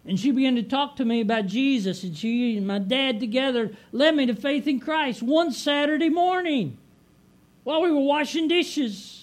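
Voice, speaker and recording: A middle-aged man preaching a sermon as pastor, emphatic and repetitive, slowing down to stress his words. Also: extremely high pitch. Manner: emphatic repetitive preaching, swelling on key phrases.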